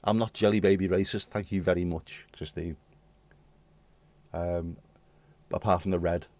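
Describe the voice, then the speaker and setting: A man's voice: sits low, steady tone, normal speed, darkish tone. A British man hosting a livestream, rambling cheekily through chat messages with swear words and jokes. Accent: British English. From United Kingdom. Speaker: livestream host. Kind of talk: casual chat to live chat readers.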